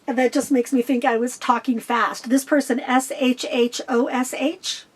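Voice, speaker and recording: A middle-aged woman vlogger answering viewer questions about her life on the road, talking fast and getting straight to the point. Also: high voice, fairly even intonation. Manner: fast, to-the-point talker who cuts out filler. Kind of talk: casual direct-to-camera Q&A.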